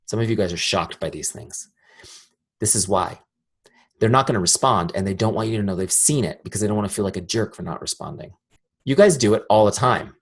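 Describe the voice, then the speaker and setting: Man, husky voice, direct and energetic trainer, quizzes the audience. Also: on the low side. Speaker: sales trainer. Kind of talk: live training talk.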